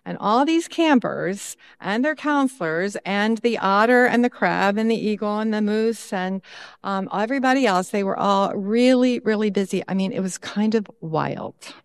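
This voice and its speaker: A woman pastor giving a children's sermon in church, expressive and lifting her pitch when she voices her own prayers. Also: moderate pace, smooth, big-room sound.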